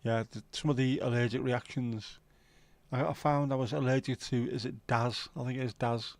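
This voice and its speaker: A man's voice: mid-range voice, steady tone, moderate pace, a little mellow, dry recording. Cheeky man chatting to viewers. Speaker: livestream host. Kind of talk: casual chat reading viewer comments.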